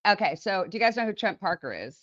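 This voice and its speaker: A woman guest on a podcast telling stories in a casual, animated way, laughing often and acting out the people she quotes. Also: mid-range voice, fast, dry recording. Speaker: podcast guest, business owner. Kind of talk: casual storytelling. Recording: dull lo-fi dry audio.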